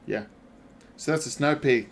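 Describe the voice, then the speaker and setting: A man streaming a game and chatting with his viewers, swearing freely, laughing often and reacting loudly to their messages. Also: mid-range voice, moderate pace, gravelly, slight background noise. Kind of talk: casual gaming livestream chat.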